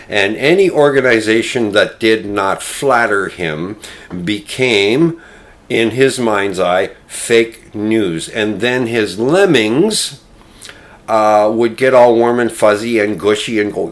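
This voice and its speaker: An older man hosting a solo political commentary, speaking in a slow, deliberate way with frequent ums and uhs. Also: lowish voice, animated.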